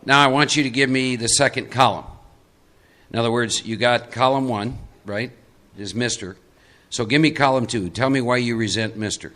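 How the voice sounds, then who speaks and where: A man's voice: mid-range voice, normal speed, bright, forceful tone. A man giving a live recovery workshop talk, conversational and coaxing as he pulls volunteers from the audience into a role-play. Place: meeting room with audience.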